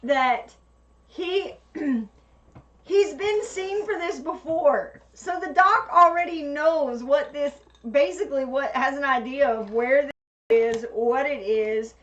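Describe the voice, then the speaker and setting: Woman host with a high voice, laughs a lot, dull muffled audio. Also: takes it slowly. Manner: laughs often, chimes in. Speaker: homestead show host. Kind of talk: casual chat.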